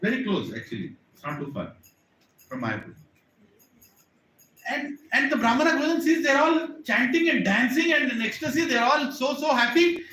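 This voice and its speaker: A man's voice: very high voice, very animated, moderate pace, pushed and bright, a little hiss or hum. A man giving an earnest sermon in a temple hall, talking straight to his listeners and repeating his points. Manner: earnest, repetitive, addresses the audience directly. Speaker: preacher. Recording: echoey hall, distant mic.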